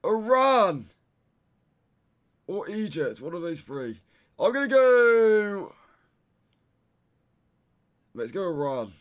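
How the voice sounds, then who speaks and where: Animated young man streaming, cursing. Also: sits high, extremely slow, pauses often. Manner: frustrated, swears a lot, says "mate" constantly. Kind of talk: casual live-stream gameplay commentary.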